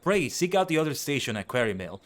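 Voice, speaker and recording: A man's voice: mid-range voice, big pitch swings, quick pace, pitched above the performer's own voice, natural voice. A man reading a formal, wordy game guard. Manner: courtly, old-fashioned phrasing.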